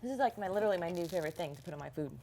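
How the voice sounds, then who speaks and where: A woman's voice: fairly low pitch, lively intonation, warm tone, a little hiss or hum. A woman hosting a fishing vlog, chatting upbeat and giggly as she tastes food and signs off. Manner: upbeat, giggly, quick sign-offs. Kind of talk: casual vlog chat.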